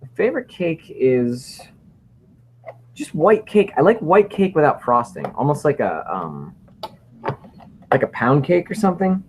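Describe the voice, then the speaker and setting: A man's voice: a little high, sing-song, a little slow, long pauses, a little hiss or hum. A man co-hosting a casual livestream, rambling and joking as he reads viewer questions. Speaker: livestream co-host.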